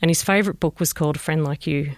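Her voice sits low and moves fast, recorded with no room sound. She is an Australian mother who lost a child, gently recounting a painful family story in an interview and re-enacting what others said.

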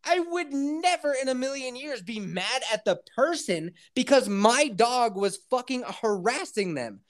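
A man hosting a podcast, telling a story in a casual, animated way, full of swearing and acted-out quotes. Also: very high-pitched, unhurried. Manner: animated, profane, acts out quotes. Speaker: podcast host.

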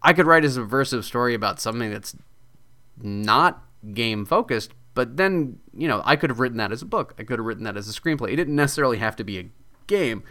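A man who writes video games, talking as a guest in a casual podcast interview, animated and jokey as he tells stories. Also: mid-range voice, quick pace.

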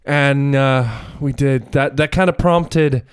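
A man's voice: mid-range voice, fairly even intonation, slow pace, smooth, no room sound, clean studio sound. A man co-hosting a sports podcast, chatting in a laid-back, agreeable way. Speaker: podcast co-host. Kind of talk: casual chat.

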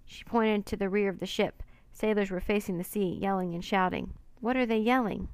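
A woman narrating a children's storybook in a steady, plain reading voice. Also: medium pitch, brisk, clear, resonant tone, no room sound.

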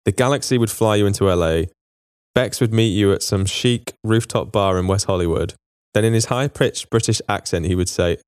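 A man's voice: fairly low pitch, moderate pace, clean tone, no room sound, clean studio sound. A man co-hosting a casual football podcast, chatting and reading out listener emails. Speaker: podcast co-host. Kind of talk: casual chat.

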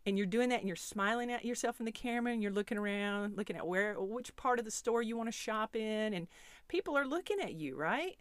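A woman's voice: on the low side, no room sound. Coaxing woman coach, dry close voice. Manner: coaxing, playful, talks straight to the listener. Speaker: self-help coach. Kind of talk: guided visualization talk.

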